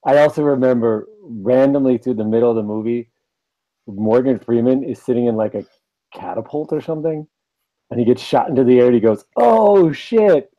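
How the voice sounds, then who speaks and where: A man's voice: medium pitch, fairly quick, dark tone, highs cut off. A man on a movie podcast, casually recalling a scene in a wry, storytelling way. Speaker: podcast guest.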